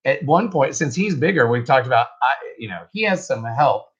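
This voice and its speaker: Host, man, mid-pitched, rambling self-deprecating chat, dull lo-fi audio. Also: animated, a little fast, breathy edge. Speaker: reseller host. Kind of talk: casual livestream chat.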